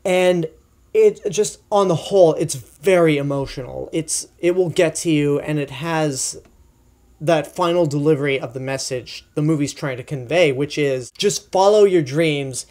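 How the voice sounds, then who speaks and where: A man's voice: on the high side, measured pace, darkish tone. A young man giving a casual, chatty film review, enthusiastic and full of asides and fillers. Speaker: movie reviewer.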